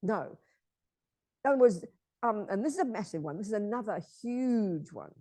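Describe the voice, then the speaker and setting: A Buddhist nun giving an informal teaching talk, blunt and emphatic in a conversational way. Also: female voice, mid-range voice, lively intonation, normal speed, warm tone, dry recording.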